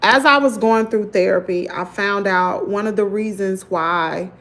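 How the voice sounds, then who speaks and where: A woman with a Southern American accent telling a story to her viewers in an animated, indignant vlog. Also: medium pitch, measured pace. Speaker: vlogger.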